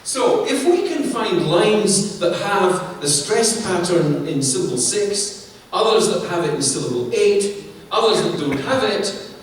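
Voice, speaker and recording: A man giving an academic lecture at a university, animated and asking himself questions before answering them. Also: high-pitched, a little slow, a little hiss or hum. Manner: animated, asks and answers his own questions. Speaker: visiting professor lecturing on authorship. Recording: roomy hall, distant mic, faint ambience.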